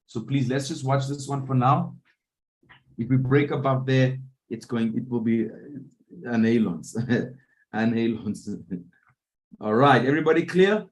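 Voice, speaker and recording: A man coaching a live online trading room, often pausing to ask whether his listeners are following. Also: mid-range voice. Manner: keeps checking in with listeners. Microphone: video call.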